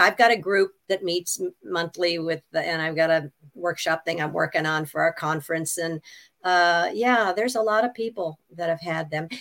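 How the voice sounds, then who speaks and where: A middle-aged woman telling her story as an interview guest, lively and candid, often laughing and acting out what others said. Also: lowish voice. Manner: animated, laughs often, acts out quoted people. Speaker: guest describing a near-death experience.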